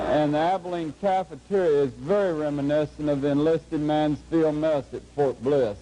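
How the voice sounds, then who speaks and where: A middle-aged man gives a lecture to a class, telling a humorous story in a dry, unhurried, folksy way. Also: on the high side, steady tone, very noisy. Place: lecture hall before a live audience.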